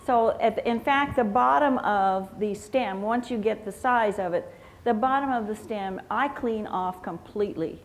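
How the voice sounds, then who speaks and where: A woman teaching flower arrangement at a live seminar, explaining slowly with fillers and restarts. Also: mid-range voice, slight background noise. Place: convention hotel meeting room.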